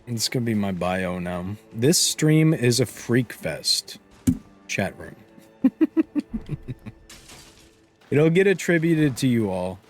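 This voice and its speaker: A young man chats loosely with his live-stream audience while he plays, his pitch jumping up and down as he rambles. He trails off mid-thought, restarts, and laughs a lot, with hiccups catching his voice. Faint music runs underneath. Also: very animated, takes it slowly, long pauses. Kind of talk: casual live-stream chat while gaming.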